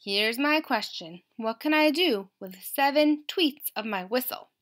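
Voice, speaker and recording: A playful police officer who thinks he has a trick question speaks up loudly and with confidence, as a woman reads him. The voice stays fairly high. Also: lively intonation, measured pace.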